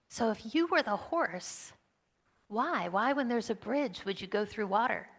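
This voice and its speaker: A woman with a bright, fairly high voice leads a children's message in a church sanctuary. She coaxes and encourages the young volunteers with a steady stream of questions. Her voice rings out with the long reverb of a large hall. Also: normal speed. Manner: encouraging, coaxing, asking children many questions. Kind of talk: interactive children's message during a church service.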